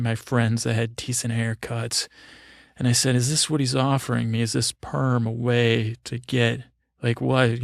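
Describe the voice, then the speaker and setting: A man telling a meandering bedtime story in a halting, wry, self-deprecating way, with many fillers and restarts. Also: mid-range voice, vocal fry, no room sound, clean studio sound.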